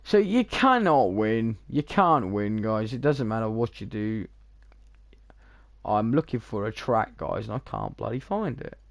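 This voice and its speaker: A man's voice: fairly low pitch, big pitch swings, unhurried, creaky, no room sound. A young British man with a gaming channel, rambling in casual, blunt chat full of swearing while he plays. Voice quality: swears freely, chatty, blunt. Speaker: gaming streamer.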